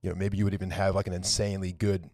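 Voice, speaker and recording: A man's voice: low-pitched, flat delivery, very fast, a little mellow, slight background noise. A man hosting a casual podcast from a rented living room couch, chatty and swearing freely. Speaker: podcast host.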